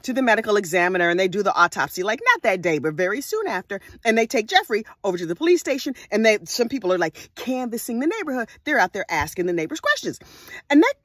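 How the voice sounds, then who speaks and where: A woman casually telling a true crime story in an animated way, full of sassy asides. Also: medium pitch, fast talker, dry recording, studio quality.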